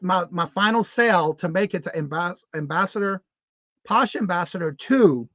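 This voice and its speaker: A chatty, upbeat man hosts a morning livestream, rambling a little and restarting his sentences as he reads comments. His voice sits slightly high for a man. The audio is dull and muffled, recorded in a dry, dead little room. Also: normal speed, fairly bright tone, no echo. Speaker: host of a morning live show. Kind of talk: casual live-stream chat, reading viewer comments aloud.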